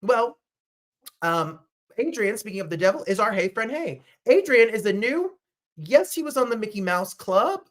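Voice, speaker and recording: A man from New Jersey hosting a talk show, chatting casually with gushing, animated asides. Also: sits high, moderate pace. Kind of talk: casual livestream chat.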